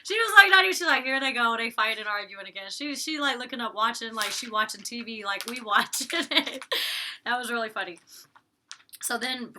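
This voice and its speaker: Her voice is fairly high and animated, moving at a moderate pace against a noisy background. This young adult vlogger reviews a reality show in casual slang, chatting away and acting out what the cast said with laughs.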